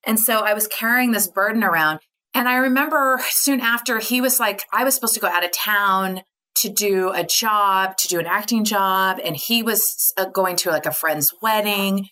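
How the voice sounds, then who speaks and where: Bright-voiced woman telling candid stories. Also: medium pitch, moderate pace. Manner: earnest, filler-heavy with frequent likes and you knows; laughs often while telling stories. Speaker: podcast guest. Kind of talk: candid conversational storytelling.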